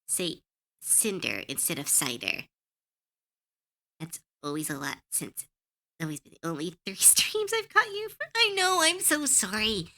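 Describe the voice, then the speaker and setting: A woman's voice: medium pitch, sing-song, a little slow, bright, forceful tone. A woman streamer in casual livestream chat, giggly, chatty and self-deprecating.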